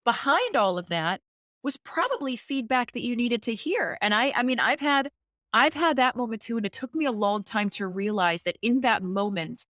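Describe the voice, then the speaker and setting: A woman who is a company president, guest on a podcast, telling a story conversationally and in lively fashion. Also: on the high side, normal speed, no room sound, clean studio sound. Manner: animated, acts out quoted dialogue.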